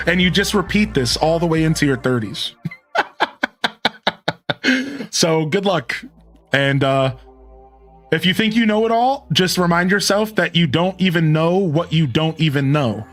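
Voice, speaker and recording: A man in his thirties rambling casually with his live-stream viewers, chuckling and thanking them by name. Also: a little high. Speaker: game streamer.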